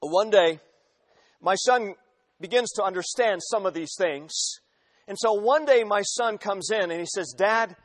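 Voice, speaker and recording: A man's voice: sits high, animated, unhurried. A man in his forties preaching a sermon, telling illustrations emphatically and repeating phrases for weight. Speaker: pastor.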